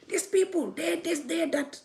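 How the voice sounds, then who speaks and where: A woman mimicking a gushing, flattering caller who giggles and eggs her on in a high, fawning voice. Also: unhurried, vocal fry, full character voice. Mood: gushing mockery.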